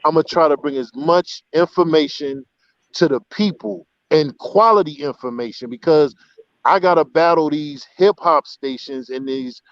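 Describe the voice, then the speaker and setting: A man's voice: fairly high pitch, normal speed, no echo. A man who works as a radio DJ, speaking earnestly and emphatically in a casual chat, on a slightly muffled line. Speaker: radio DJ guest.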